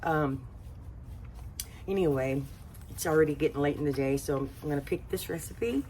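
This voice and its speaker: A Southern woman with a notably low voice talks casually to her cooking channel viewers. She rambles and drifts between thoughts, with plenty of "uh" and "anyway". A faint hum sits in the background. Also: moderate pace, warm tone. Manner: chatty, rambling, many fillers. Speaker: home cooking channel host. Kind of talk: casual talk to camera.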